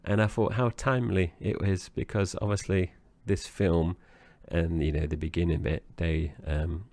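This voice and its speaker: A man with a very deep, gravelly voice chats about a film, rambling and hesitating as he goes. The sound is dry and close. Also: steady tone, moderate pace, a little mellow, dry recording. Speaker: podcast co-host. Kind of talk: casual film-review chat.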